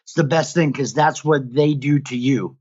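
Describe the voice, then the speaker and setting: A man who is a guest, telling his own story in casual conversation and growing loud as he acts out what happened. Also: fairly high pitch, normal speed, breathy edge, lo-fi sound. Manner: animated, gets loud when re-enacting events. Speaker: guest, father who counsels other fathers. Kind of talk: casual conversation, recounting events.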